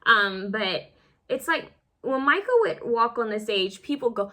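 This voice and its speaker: A woman talks through a casual tarot card reading in a bright, forward voice. She rambles and loops back, fumbling her words with plenty of fillers and restarts. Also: on the high side, animated, normal speed, a little hiss or hum. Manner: self-conscious, fumbles over words.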